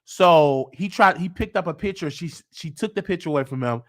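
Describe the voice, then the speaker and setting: Fairly high-pitched and fairly quick, this male host rambles through a long, casual story on his show. He keeps repeating and restarting, and changes his voice whenever he quotes someone.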